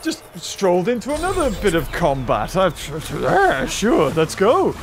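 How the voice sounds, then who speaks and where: A man giving excitable let's-play commentary, chatting to enemies with yelps and laughs. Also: high voice, a little slow. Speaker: gameplay commentator. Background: game music.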